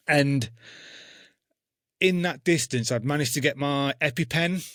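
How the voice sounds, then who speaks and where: A man, an army veteran being interviewed, telling a war story bluntly with constant swearing and dark humour. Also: a little high, slow, no room sound, clean studio sound. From England.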